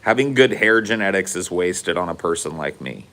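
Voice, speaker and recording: A man's voice: low voice, animated, normal speed, pushed and bright, a little hiss or hum. Profane rambling man telling a story. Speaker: podcast host. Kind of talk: casual storytelling chat.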